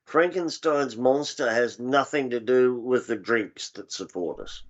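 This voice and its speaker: A man's voice: medium pitch, unhurried. A man co-hosting a casual live talk show, chiming in with dry, wry asides. His voice sits in the middle range for a man. The recording sounds dull and lo-fi. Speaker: co-host. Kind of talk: casual chat.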